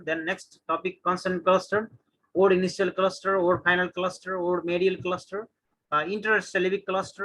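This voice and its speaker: A man with an Indian English accent, a teacher reading through a course syllabus, listing topics one by one with frequent pauses. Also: high-pitched, bright, forceful tone, rough recording. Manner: reads lists item by item with many "uh" pauses.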